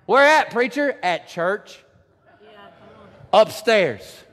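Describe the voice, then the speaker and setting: Animated high-voiced preacher, reverberant. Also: male voice. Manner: animated, shouts lines for emphasis, stretches words slowly. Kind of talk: sermon. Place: church sanctuary.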